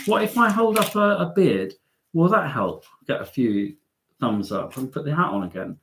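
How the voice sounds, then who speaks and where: A young man from England hosting a live stream. He reads out viewer comments and answers them in a chatty, playful way, often jumping up high in pitch. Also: fairly quick. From Devon, England. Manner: lively and playful, with big jumps up in pitch.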